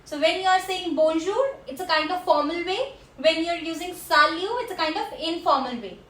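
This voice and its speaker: A woman teaching a French class, slowly repeating each word for her learners. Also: extremely high pitch, fairly bright tone. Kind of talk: classroom language lesson. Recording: echoey room.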